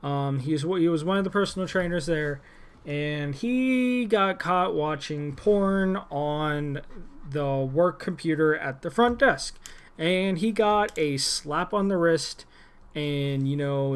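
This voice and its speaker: The former gym employee speaks in a fairly high voice at a measured pace, and the audio is clean. Still irritated, he rambles through his vlog rant about the old job, restarting often and leaning on fillers.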